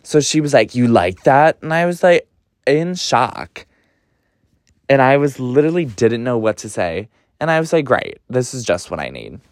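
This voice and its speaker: A young man hosting a podcast, telling a story casually in an animated, gossipy way, swearing a lot and often jumping up in pitch. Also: normal speed, no echo. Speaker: podcast host.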